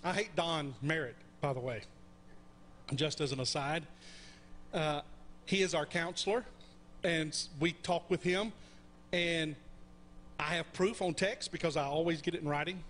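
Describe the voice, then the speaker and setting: A man's voice: a little high, measured pace, long pauses, a bit bright, slight background noise. A middle-aged man preaching a conversational sermon, often checking in with the congregation with questions. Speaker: pastor. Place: church sanctuary.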